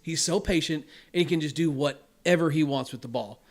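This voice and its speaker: Casting: man, slightly higher voice, eager podcast guest, rambling and excitable. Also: fairly quick. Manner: enthusiastic, rambling with fillers and restarts. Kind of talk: casual podcast chat.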